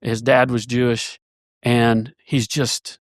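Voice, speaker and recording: A man, a church elder, telling a long story in a casual podcast conversation, rambling and animated with many restarts. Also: mid-range voice, slow pace, no echo, clean studio sound.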